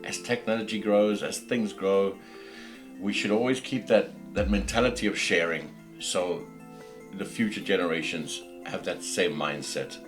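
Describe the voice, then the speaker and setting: Speaking low and a little slowly, a middle-aged South African man hosts a laid-back podcast. He preaches and rants fervently, frequently starting over mid-thought, and faint background music can be heard.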